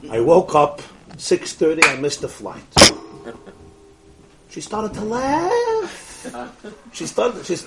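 A man giving an animated storytelling sermon, acting out the dialogue and often laughing. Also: high voice, slow, long pauses, background noise. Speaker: rabbi lecturing.

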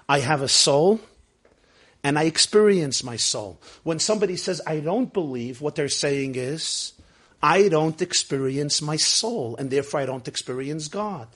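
A man with a high voice gives a Torah class. He speaks emphatically and keeps putting rhetorical questions to his listeners. He swings from hushed, slowed-down lines to loud, driving ones. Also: slightly rough. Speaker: Torah teacher.

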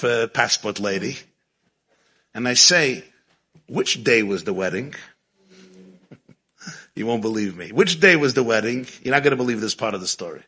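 A man telling a story in an animated way, chuckling often and sprinkling in Yiddish and Hebrew terms. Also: medium pitch, creaky, breathy edge. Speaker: religious storyteller. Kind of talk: storytelling talk.

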